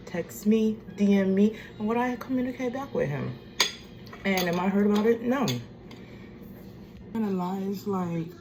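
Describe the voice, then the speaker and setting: A low-pitched woman spills a storytime rant, blunt and sassy. Her delivery is drawn-out and expressive. A clear hum of background noise runs under her voice. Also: rough recording. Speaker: vlogger.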